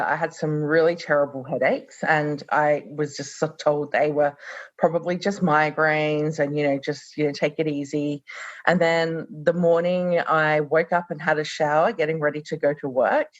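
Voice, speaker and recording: A woman's voice: low-pitched, steady tone, measured pace, dry recording, muffled recording. A woman in her thirties from Australia, a podcast guest speaking reflectively with many fillers. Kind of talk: conversational podcast interview.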